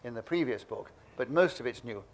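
A man in his eighties from England, a guest telling lively, self-mocking anecdotes in an interview. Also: mid-range voice, brisk, slight background noise. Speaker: guest, memoir author.

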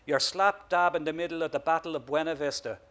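A man's voice: a little high, steady tone, fast, lightly acted. A man doing a hearty rural Irish soldier. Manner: loud, rallying, folksy. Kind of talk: author reading a story aloud.

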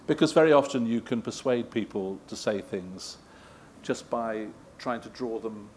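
A man's voice: lowish voice, normal speed, a little mellow, slight background noise. A middle-aged man telling anecdotes to a live audience, rambling and self-deprecating with frequent chuckles. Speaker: guest interviewer at a live event. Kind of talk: anecdotal talk answering audience questions.

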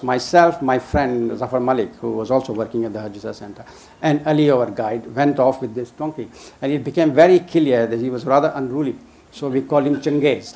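A man's voice: mid-range voice, mellow, a little hiss or hum. Older man telling a story, chuckling. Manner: chuckling, halting with many restarts. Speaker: storyteller guest. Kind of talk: casual anecdote telling.

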